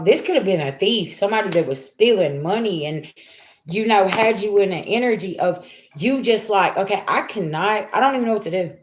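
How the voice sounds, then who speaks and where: Chatty woman tarot reader, roomy echo. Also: lowish voice. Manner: chatty, talks straight to viewers, frequent "okay?" and "y'all". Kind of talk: casual tarot reading to viewers.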